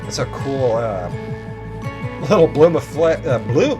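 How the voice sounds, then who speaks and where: A man's voice: medium pitch, big pitch swings, measured pace, music in the background. A man giving casual let's play commentary in a chatty, joking, self-deprecating way.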